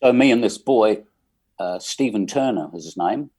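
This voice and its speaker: A man's voice: fairly low pitch, lively intonation, darkish tone, breathy edge. A man of about sixty with an English accent, telling wry stories as a guest in a casual interview. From England. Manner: unhurried, wry anecdotes with many ums. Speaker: musician guest.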